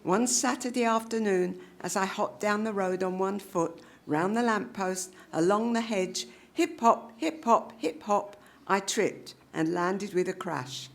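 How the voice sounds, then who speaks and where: A woman reading a children's short story aloud at a public reading, in an animated, expressive style with voiced characters. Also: mid-range voice, measured pace, gravelly, hardly any pauses. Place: live literary reading event.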